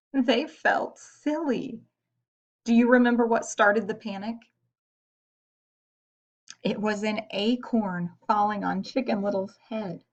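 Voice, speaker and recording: A woman reading a story aloud to children in a gentle way, pausing to ask her young listeners questions. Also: medium pitch. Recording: dull lo-fi recording.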